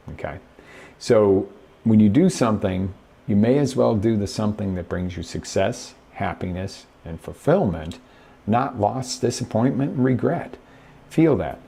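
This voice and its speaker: Male life coach, live stream host: gravelly, husky voice, emphatic and direct. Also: fairly low pitch. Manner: animated, emphatic, talks straight to viewers. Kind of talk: motivational live-stream talk.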